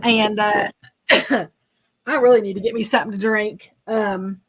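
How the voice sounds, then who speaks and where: A woman, a bit hoarse, hosting a casual livestream and chatting along with many fillers as she thanks viewers. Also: medium pitch, steady tone, a little slow, a little hiss or hum. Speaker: livestream host.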